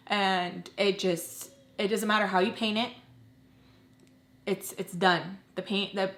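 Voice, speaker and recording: A young woman telling an emotional personal storytime in casual chat, swinging from quiet to loud, animated and cursing. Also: mid-range voice, reverberant. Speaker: storytime vlogger.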